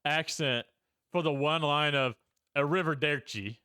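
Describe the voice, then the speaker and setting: Bright, blunt male podcast co-host. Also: on the high side, moderate pace, clean tone, no room sound, clean studio sound. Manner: blunt, sarcastic, swears casually. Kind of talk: casual film review chat.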